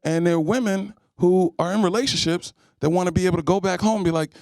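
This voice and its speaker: A young man doing a stand-up comedy set, animated and acting out scenes. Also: sits high, fast talker, no echo. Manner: animated, acts out scenes in voices.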